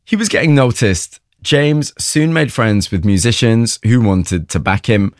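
A man narrating and asking interview questions in a composed, measured documentary style. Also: medium pitch, no echo, studio quality.

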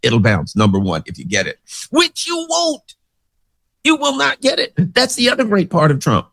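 A man's voice: sits high, huge pitch swings, moderate pace, vocal fry, fairly bright tone. A man giving casual political commentary, rambling through sarcastic anecdotes.

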